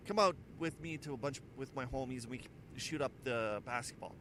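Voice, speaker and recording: A man voicing an excited, pushy acquaintance who keeps coaxing a friend to come play basketball. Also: mid-range voice, a little fast, slight background noise, natural voice. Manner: eager, coaxing, exclamatory.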